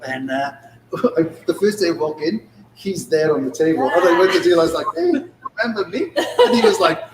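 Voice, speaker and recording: A man with a slightly high voice tells casino stories casually and animatedly, acting out the lines of each person. He sits back from the mic in an echoey showroom, with a noisy bustle around him. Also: normal speed. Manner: animated anecdote-telling, acts out dialogue. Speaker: casino dealer, podcast co-host. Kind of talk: casual storytelling. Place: showroom, live on location. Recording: echoey room, distant mic, background noise.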